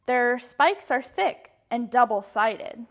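A woman's voice: on the high side, animated, slow, a bit bright, exaggerated voice. A woman voicing nervous male knights in a rhyming picture book. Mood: uneasy. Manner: whispering worried reports. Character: nervous male knights gossiping about a dragon.

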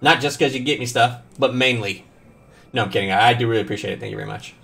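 A man's voice: medium pitch, fast, creaky. A man streaming a video game live, chatting casually with viewers, joking and swearing often. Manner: animated, swears often, jokes with chat.

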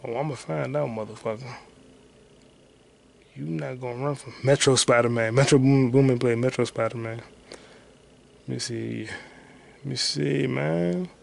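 A man's voice: mid-range voice, a little slow, vocal fry, pauses often. A man hosting his own podcast alone, rambling profanely while he looks things up online and thinks aloud. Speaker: podcast host. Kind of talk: casual solo podcast rambling.

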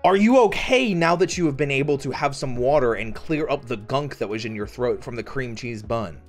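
A man hosting a streamed café roleplay, playful and flirty, who often squeals high and laughs. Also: animated, moderate pace, faint music behind. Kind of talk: casual live-stream chat and café roleplay.

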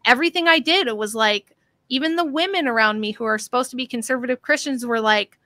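Bright, chatty woman guest. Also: a little high, quick pace, no room sound. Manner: chatty and animated. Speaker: author guest. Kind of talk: casual conversation.

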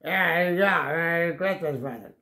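A man's voice: a little high, slow, sharp tone, full character voice. A man voicing a man in a wheelchair who keeps calling out to get someone's attention. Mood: pestering. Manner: nagging, repetitive calling. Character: one-legged man in a wheelchair, pestering.

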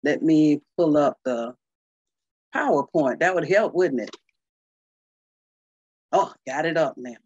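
A woman presenting a historical tribute on a video call, excited and fumbling with screen sharing. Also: deep voice, slow, long pauses, husky, no echo. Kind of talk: casual presentation. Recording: dry, muffled call audio.

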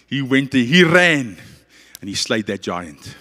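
A man with a South African accent preaching a passionate, dramatic sermon that swings between loud and quiet. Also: mid-range voice, sing-song, unhurried, big-room sound.

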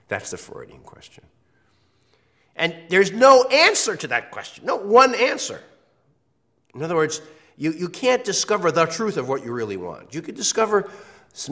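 A man lecturing for an online course, his voice congested from a cold. His pitch rises and falls in an animated way, and he talks conversationally, repeating key points to drive them home. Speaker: university lecturer.

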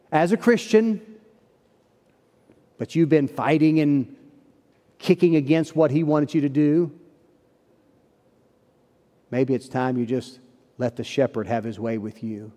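A man's voice: a little high, warm tone. A man preaching a sermon as pastor, telling a story in earnest, folksy phrasing. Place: church sanctuary. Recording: long church hall reverb.

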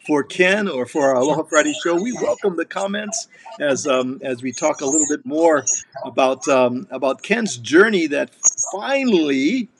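A man's voice: on the high side, lively intonation, normal speed, a little hiss or hum. A man from Hawaii with a Hawaiian Pidgin accent, hosting a casual chat show, joking and laughing as he talks. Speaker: show host.

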